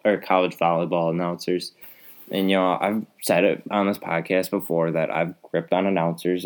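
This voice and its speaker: A young man hosting a podcast, ranting in an exasperated, rambling way with lots of fillers. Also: lowish voice. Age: young adult. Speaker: podcast host. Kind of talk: casual solo rant.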